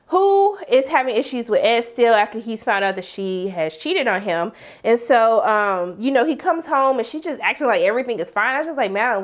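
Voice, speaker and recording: A woman chatting casually as she recaps a TV episode, slangy and animated, acting out her own reactions. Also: on the high side. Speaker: TV review vlogger.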